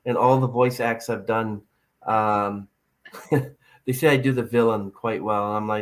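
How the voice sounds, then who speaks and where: A man's voice: lowish voice, fairly even intonation, unhurried. A man hosting a podcast interview, rambling and hesitant with many fillers. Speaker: podcast host. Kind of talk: casual interview chat.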